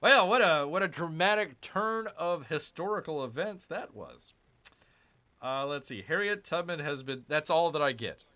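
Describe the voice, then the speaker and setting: A man's voice: a little high, expressive, moderate pace, sharp tone. A man giving casual gameplay commentary, grumbling and sarcastic as he talks to his viewers. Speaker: gaming channel host.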